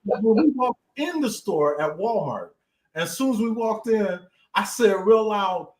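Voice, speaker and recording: A man's voice: sits high, lively intonation, unhurried, roomy sound. A man co-hosting a casual live-stream chat, telling prank stories and laughing often. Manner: joking storyteller who laughs often. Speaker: co-host.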